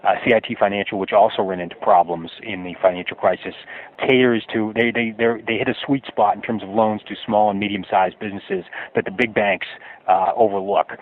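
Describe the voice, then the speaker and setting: A lowish male voice comes through a narrow, tinny phone line. He is an author answering interview questions, explaining at length in a storytelling way and often restarting his sentences. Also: fairly even intonation, a little fast. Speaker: author guest.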